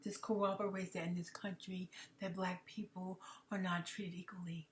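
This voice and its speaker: A woman with a lowish voice talks through an emotional commentary to her viewers. She often drops to a whisper and circles back to repeat her points. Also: little pitch movement, moderate pace, slight background noise. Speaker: commentary vlogger.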